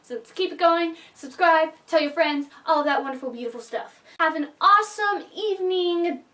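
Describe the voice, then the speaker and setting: High-voiced woman gushing in a vlog. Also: normal speed, sharp tone, far from the mic. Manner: chatty and gushing, emotional. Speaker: book and movie reviewer. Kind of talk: casual vlog review.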